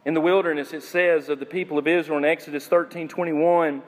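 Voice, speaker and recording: Male pastor, higher voice, emphatic sermon delivery, long hall reverb. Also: fairly even intonation. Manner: preaching with slow emphatic phrases and questions to the congregation.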